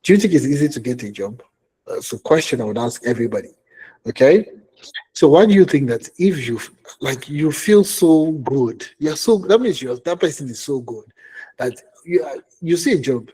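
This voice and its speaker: A man's voice: medium pitch, dark tone, slightly rough. A man with a Nigerian accent coaching job seekers in a conversational way, repeating his points and checking in with "okay?". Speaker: career coach. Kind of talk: live online coaching session.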